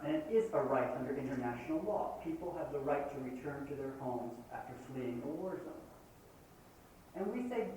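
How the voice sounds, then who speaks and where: A man's voice: a little high, expressive, fairly quick, mellow. A Palestinian man giving an impassioned university lecture, arguing his points and acting out the voices of others. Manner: impassioned, argumentative, quotes opponents in shifting voices. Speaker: guest lecturer. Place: lecture hall. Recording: roomy hall, distant mic, faint hiss, old tape.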